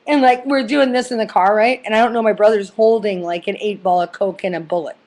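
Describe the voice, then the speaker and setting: A woman's voice: medium pitch, steady tone, fairly quick, a little mellow. A middle-aged woman telling a funny personal story in a rambling, profane way, full of fillers and restarts.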